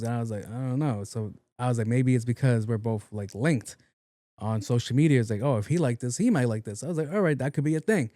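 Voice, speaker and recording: A man's voice: mid-range voice, quick pace, warm tone, no room sound, clean studio sound. A man hosting his own podcast in a casual, rambling, profane monologue, often repeating words playfully. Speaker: podcast host.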